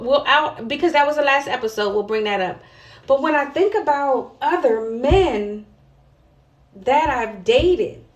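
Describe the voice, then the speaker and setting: A woman hosting her own vlog, talking straight to camera in a blunt, heavily profane monologue with emphatic asides to viewers. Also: high-pitched. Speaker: vlog host. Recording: roomy echo.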